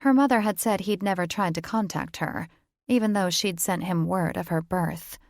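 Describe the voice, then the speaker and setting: Low, gravelly female audiobook narrator. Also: moderate pace, no echo, studio quality. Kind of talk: scripted narration.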